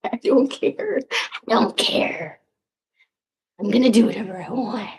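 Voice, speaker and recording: Goofy, slow-talking woman in her sixties. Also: fairly high pitch, creaky. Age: 60s. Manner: goofy, swearing, self-mocking, drifts in and out of whispers. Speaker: vlogger. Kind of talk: rambling casual chat. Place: home room.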